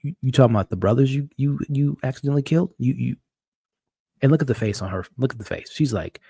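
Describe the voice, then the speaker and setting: Excitable man hosting a live recap. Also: mid-range voice, quick pace, vocal fry, husky. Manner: excitable, stumbling restarts and repeated words. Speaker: show host. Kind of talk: live-stream TV episode recap. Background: dog.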